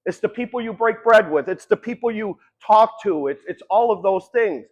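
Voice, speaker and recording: A man's voice: high voice, animated, normal speed, muffled recording. A man giving a long-winded, conversational motivational talk about addiction, swearing casually as he tells stories. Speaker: speaker.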